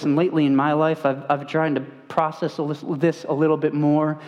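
A man's voice: fairly high pitch, steady tone, brisk, hardly any pauses, a little mellow, dull audio. A man preaching a sermon as pastor, earnest and conversational, speaking from a church stage. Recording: long church hall reverb.

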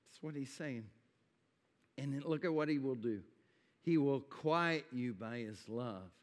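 A man preaching a sermon in a church, his voice swelling with feeling on quoted words of God and dropping low and intimate between them. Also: expressive, measured pace, in a large hall. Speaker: pastor. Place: church sanctuary.

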